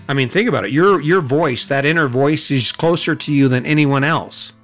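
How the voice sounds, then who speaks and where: A man's voice: fairly high pitch, moderate pace, fairly bright tone, faint music behind. A middle-aged man hosting a podcast, giving a blunt motivational monologue full of rhetorical questions and swearing. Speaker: podcast host.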